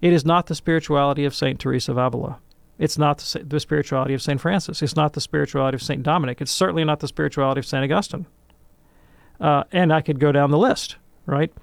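A man in a call-in radio discussion, answering a listener's question in an animated, lecturing way and checking in with "right?". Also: fairly high pitch, fast talker, creaky, dry recording.

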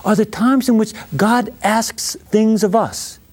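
A man's voice: sits high, slow pace, darkish tone, husky. A man teaching an informal Bible lesson with folksy, jokey asides.

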